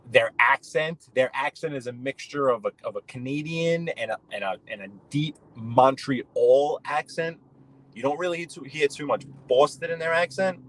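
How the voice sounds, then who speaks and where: A man's voice: on the high side, a bit bright, low-quality recording. Chatty New man talking while driving. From New York. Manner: rambling, chatty, addresses viewers by name. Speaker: live-stream host. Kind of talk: casual chat while driving. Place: in a car.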